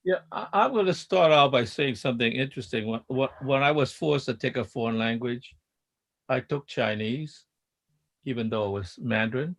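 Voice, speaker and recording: A man's voice: medium pitch, normal speed. A man in a study group telling a rambling story, chuckling at his own points. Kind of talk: casual group discussion.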